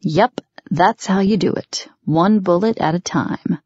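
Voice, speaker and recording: A woman's voice: on the low side, measured pace, darkish tone, breathy edge, no room sound, dull audio. A woman voicing a brash, sarcastic man who snaps taunts, in an audiobook. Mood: mocking. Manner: snapping, sarcastic. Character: brash, mocking male soldier.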